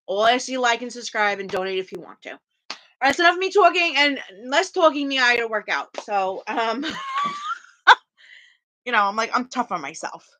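A woman's voice: fairly high pitch, animated, normal speed, sharp tone, a little hiss or hum, rough recording. A woman chatting to viewers about her home workout, rambling and restarting her sentences. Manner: rambling, chatty, restarts often, talks to live chat. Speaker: vlogger streaming a home workout. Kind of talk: casual chat to viewers. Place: small room at home. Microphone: camera or phone at home.

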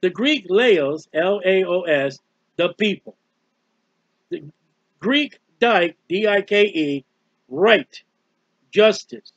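High-pitched male preacher, scolding and preachy, dry and muffled recording. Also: animated, slow pace, pauses often, dry recording. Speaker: street preacher. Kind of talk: fiery sermon.

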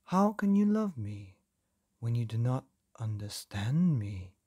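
A man reading a storybook aloud, voicing the sea as a quiet, wise presence. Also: mid-range voice, slow pace, breathy edge, no room sound, studio quality, exaggerated voice. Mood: calm. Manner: quiet, calm. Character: calm, wise, ancient sea.

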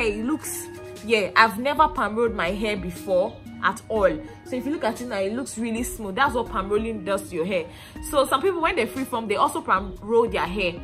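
A young woman from Nigeria with a Nigerian accent, chatting casually to camera in a hair vlog, rambling with many fillers and restarts. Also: medium pitch. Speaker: hair vlogger.

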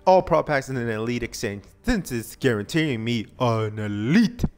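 A man casually commenting on a video game pack opening, excitable and begging the game for good pulls. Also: mid-range voice, normal speed. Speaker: gaming channel host.

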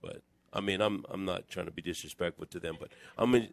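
A man preaching a conversational sermon in church, telling stories in an animated, digressive way. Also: sits low, a little fast, vocal fry, background noise. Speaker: pastor.

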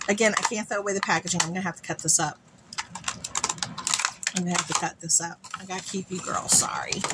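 A woman beauty vlogger unboxing friend mail, gushing and excitable, calling her viewers "girl". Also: lowish voice, fast talker, very noisy.

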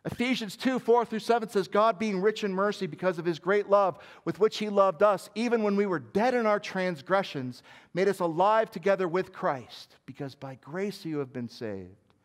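Earnest preaching man, fairly high voice. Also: lively intonation, normal speed. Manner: earnest preaching, swinging from soft hushed passages to forceful peaks; conversational asides with fillers like "right?" and "like". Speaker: senior pastor. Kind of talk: sermon.

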